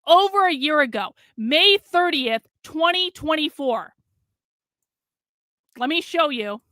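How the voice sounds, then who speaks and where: A woman's voice: high voice, animated, takes it slowly, pushed and bright, no echo, clean studio sound. A middle-aged woman on a live stream, ranting in fury, swearing and repeating herself. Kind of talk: angry live stream rant.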